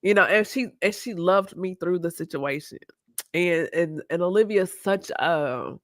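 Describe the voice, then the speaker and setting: A woman's voice: on the low side, measured pace, no room sound. Reflective woman host, dry sound. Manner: open, reflective, laughs easily. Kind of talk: candid live-stream conversation.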